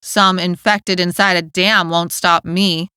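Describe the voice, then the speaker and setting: A woman's voice: lowish voice, steady tone, a little slow, bright, forceful tone, clean tone, no echo, clean studio sound. A woman voicing a cocky, hostile teenage boy who talks bluntly and coldly. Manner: blunt, cold.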